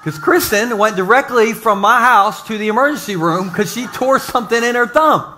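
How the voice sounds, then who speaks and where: High, bright-voiced joking pastor. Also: male voice, moderate pace, slight background noise. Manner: jokey storytelling with asides to the audience. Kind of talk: humorous sermon. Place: church service before a live congregation.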